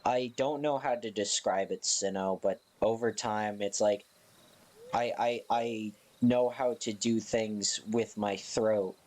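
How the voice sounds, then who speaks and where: A man's voice: fairly low pitch, fairly even intonation, slow pace, darkish tone. A young man chatting casually with his stream viewers, sleepy and yawning, giggling between lines. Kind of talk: casual live-stream chat.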